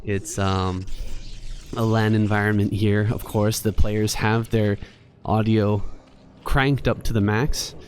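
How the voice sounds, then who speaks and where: A man giving steady, measured play-by-play commentary on a strategy game match at a live event. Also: lowish voice. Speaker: esports commentator. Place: venue at a LAN event.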